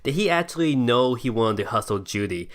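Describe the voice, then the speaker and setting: A man co-hosting a casual film discussion podcast, explaining trivia in a relaxed way. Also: mid-range voice, fairly quick. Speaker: podcast co-host.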